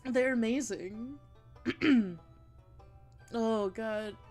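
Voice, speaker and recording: A woman chatting casually on a livestream while she draws, gushing and giggling, with bursts of excitement and casual swearing. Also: a little high, drawn-out words, soft background music. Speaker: art streamer.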